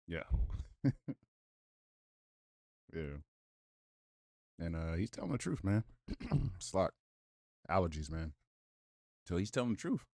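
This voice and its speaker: Man, very deep voice, dry close sound, casual reaction commentary, blunt and profane. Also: sing-song, slow pace, pauses often, darkish tone, no echo. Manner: blunt, profane, reads comments aloud with rhetorical asides.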